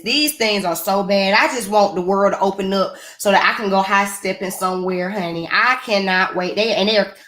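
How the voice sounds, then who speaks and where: A woman's voice: mid-range voice, fairly bright tone. A woman hosting her own live stream, chatting casually and playfully with her viewers.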